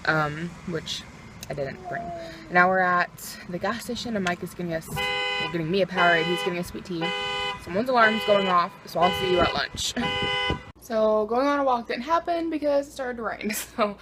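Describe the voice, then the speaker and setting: A woman in her twenties chatting casually to her phone camera in a vlog, excitable and quick to laugh. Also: medium pitch, heavy background noise. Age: 20s. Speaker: vlogger.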